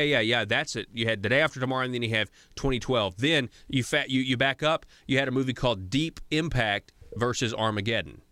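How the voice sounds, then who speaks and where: A male radio talk show host, ranting about politics in a sarcastic, animated way with frequent restarts and tangents. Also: mid-range voice, dry recording. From Arkansas. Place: radio studio.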